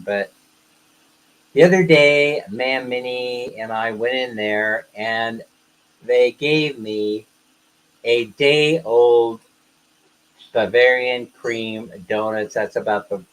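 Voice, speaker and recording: A man's voice: medium pitch, a bit bright, low-quality recording. An older American man hosting a casual livestream, telling rambling stories and laughing often. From United States. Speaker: livestream host.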